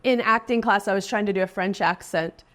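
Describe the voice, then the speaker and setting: A woman's voice: mid-range voice, a little fast, a bit bright. Chatty laughing woman in her forties. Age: 40s. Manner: chatty, laughs often, voice lifts when quoting others. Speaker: guest actress. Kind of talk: casual interview.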